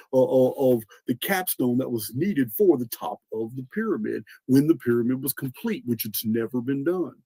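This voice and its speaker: A male podcast host with a mellow, husky, mid-range voice gives an earnest lecturing monologue, explaining things while repeating and restarting words and spelling out names. He coughs slightly and clears his throat. The sound is dry and close.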